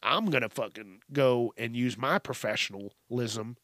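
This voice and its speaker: A man's voice: mid-range voice, measured pace, a bit bright, dry recording, studio quality. A man hosting a podcast, ranting bluntly in a casual, profanity-heavy style. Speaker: podcast host.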